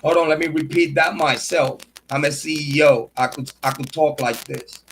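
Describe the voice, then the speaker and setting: A man with a high-pitched voice talks on a casual livestream in a boastful, swaggering way, full of street slang. A faint hiss sits under his voice. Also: steady tone, moderate pace, fairly bright tone, rough recording. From Puerto Rico. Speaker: true crime and sports commentary host.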